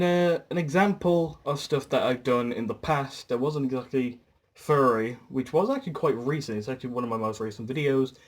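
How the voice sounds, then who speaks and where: A young British man talking casually to camera in a rambling, chatty vlog with fillers. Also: medium pitch. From Britain. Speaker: YouTuber.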